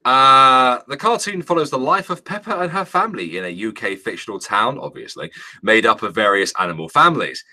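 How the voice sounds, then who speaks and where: A man's voice: mid-range voice, expressive, brisk, sharp tone. A British man, co-hosting a casual chat show, reading out news stories with jokes and casual swearing. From Britain. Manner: jokey, swears casually, frequent laughter.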